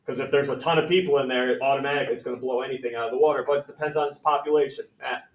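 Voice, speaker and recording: A man's voice: medium pitch, fairly even intonation, rapid-fire. A male math teacher leading a classroom lesson, talking in a conversational, upbeat way and calling on students by name. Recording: echoey classroom from far off.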